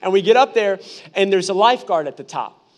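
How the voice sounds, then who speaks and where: A young man in his twenties, a pastor giving a lively, humorous sermon full of personal storytelling. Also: sits high, fairly quick, highs cut off. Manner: animated, humorous, conversational preaching.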